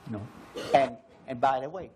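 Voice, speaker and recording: An American man on an arts panel, talking in a slow and musing way, repeating phrases and pausing often. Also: mid-range voice, crowd noise. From United States. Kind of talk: slow reflective panel talk.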